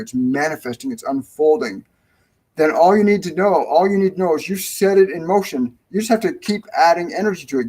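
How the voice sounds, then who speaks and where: A man's voice: fairly high pitch, a little mellow, husky, low-quality recording. A middle-aged man hosting a live-stream spiritual Q&A, rambling and repeating phrases for emphasis. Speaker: spiritual medium, show host.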